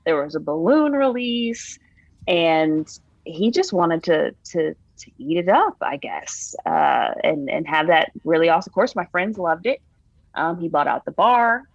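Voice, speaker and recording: A woman with a fairly low voice tells her own story in a relaxed, conversational way, restarting sentences and reaching for fillers. The recording is dry and somewhat dull, as if made on a modest lo-fi setup. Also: unhurried, dry recording. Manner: candid, with frequent restarts and fillers. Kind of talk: casual conversational recounting.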